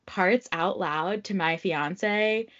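A woman's voice: fairly low pitch, slow pace, fairly bright tone, lo-fi sound. A young woman hosting a book podcast, chatting enthusiastically with her guest. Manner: enthusiastic, gushing. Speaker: podcast host. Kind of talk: casual interview chat.

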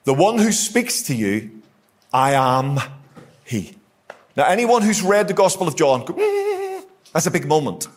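A guest preacher from Northern Ireland, speaking with a Northern Irish accent, preaches a sermon to a live congregation in a church hall. His voice is on the high side with wildly swooping pitch and an unhurried pace, and he's emphatic and repetitive, asking the room rhetorical questions.

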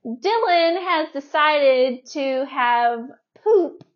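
Young woman guest, high-pitched, animated storyteller, muffled lo-fi audio. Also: drawn-out words. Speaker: podcast guest. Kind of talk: casual storytelling. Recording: dull lo-fi recording.

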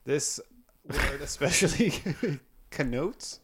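A young man co-hosting a casual podcast, laughing often and reading aloud haltingly. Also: on the high side, fairly bright tone, slight background noise. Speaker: podcast co-host. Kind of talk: casual chat.

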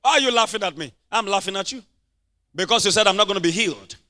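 A man preaching a sermon in a Nigerian English accent, laughing often and breaking into shouts. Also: high voice, fast.

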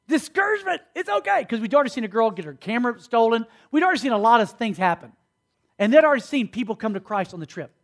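Male preacher, high voice, animated storyteller who acts out the dialogue. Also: quick pace. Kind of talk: sermon storytelling.

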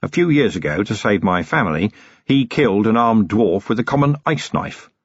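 A man reading the part of a stern, middle-aged police commander who talks in a quietly threatening, clipped and ironic way. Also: fairly low pitch, animated, normal speed, breathy edge, no echo, dull audio. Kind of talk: audiobook character reading.

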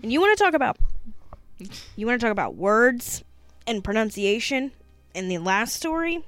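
Tired, giggly woman co-host on a close, dry mic, lively and bright-voiced. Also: on the high side, normal speed, pauses often, no room sound, soft background music. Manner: giggly, animated, stumbles over names. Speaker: podcast co-host. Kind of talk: casual chat and reading history. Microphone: close studio mic.

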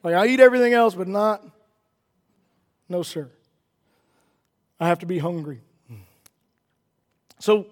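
A man delivers a sermon in a noticeably high voice. He speaks earnestly, doubles back on his words, and presses toward emphatic statements. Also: darkish tone, big-room sound. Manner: earnest, repeats words, builds to emphatic declarations. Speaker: preacher.

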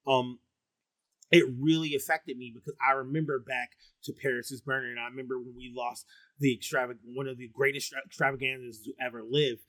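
A middle-aged man with a baritone voice rambles through a loose, profane podcast chat, stoned and full of "like" and "um." His pitch sits mid-range, and the sound is dry and close to the mic. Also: little pitch movement, a little fast, fairly bright tone, no room sound. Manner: rambling and profane, heavy with fillers and restarts. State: high on marijuana. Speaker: podcast co-host. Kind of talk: casual chat.

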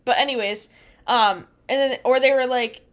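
A young woman with a slightly high voice, co-hosting a casual chat show. She tells her story in a loose, rambling way and often breaks into laughter. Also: moderate pace. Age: young adult. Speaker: podcast co-host.

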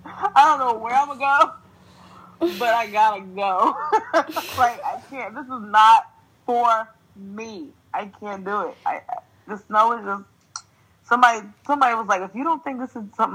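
Telling a story on her podcast, a young woman from New Jersey chats casually in a mid-range voice, swearing without restraint, ranting energetically, and laughing frequently. The rough recording has a little hiss or hum.

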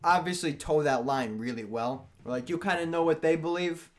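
A man's voice: on the high side, moderate pace. A young man with a heavy New York accent, chatting talkatively as a podcast co-host. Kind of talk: casual chat.

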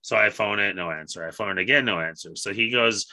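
Bright-voiced man in casual chat. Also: lowish voice, fast talker, gravelly, no echo. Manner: swears freely, laughs while telling stories. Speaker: podcast co-host.

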